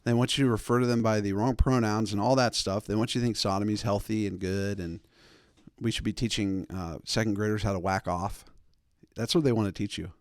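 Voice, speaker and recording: A man's voice: fairly low pitch, steady tone, fairly quick, dry recording, studio quality. A man in his thirties hosting a show, telling a long comic story with many rambling asides. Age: 30s. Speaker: host. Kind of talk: comic monologue.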